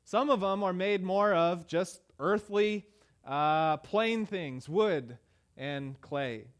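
A pastor preaching a sermon in a conversational way, with many "uh" fillers and emphatic repeated phrases. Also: male voice, high voice, slow pace. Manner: emphatic rhetorical repetition.

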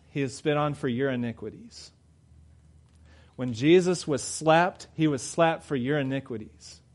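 A man delivers a sermon in a mid-range voice. He moves between quiet, reflective passages and loud, fervent emphasis, pressing his points home to the congregation. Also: medium pitch. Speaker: preacher.

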